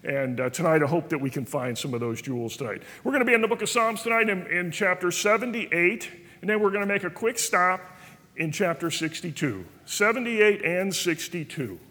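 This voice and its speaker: Man, earnest folksy preacher, high voice, reverberant church hall. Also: animated, brisk, sharp tone. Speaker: Bible study teacher. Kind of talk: sermon.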